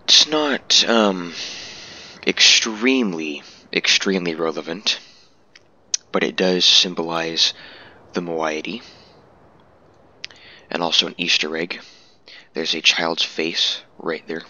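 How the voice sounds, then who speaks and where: Laid-back man narrating a game walkthrough, slow and deep. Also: sharp tone, muffled recording. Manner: laid-back, self-amused. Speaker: game commentator. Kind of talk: casual walkthrough commentary.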